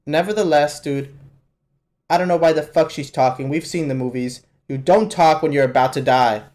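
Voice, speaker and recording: Profane, excitable young man reacting live. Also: on the high side, moderate pace. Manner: profane, excitable, yells at the screen. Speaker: reaction channel host. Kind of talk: live anime reaction commentary.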